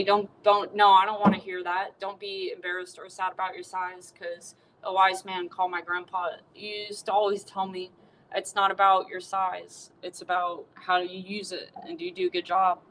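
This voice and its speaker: A woman's voice: fairly low pitch, little pitch movement, moderate pace, fairly bright tone, a little hiss or hum, close to an everyday voice, rough recording. A woman playing a folksy, bashful cowboy. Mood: earnest. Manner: folksy, overly polite exclamations. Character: bashful folksy male cowboy, earnest and polite.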